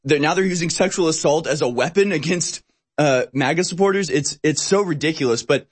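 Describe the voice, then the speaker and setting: A man's voice: a little high, a little fast. A man hosting a talk show interview, asking long, rambling questions full of fillers. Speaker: show host.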